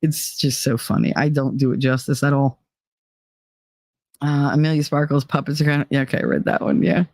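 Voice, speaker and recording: A woman's voice: deep voice, steady tone, fairly quick, no echo. Woman stream host, giggly and rambling, casual chat, dry close sound. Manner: rambling and giggly, laughs often; fond of loud, over-the-top talk.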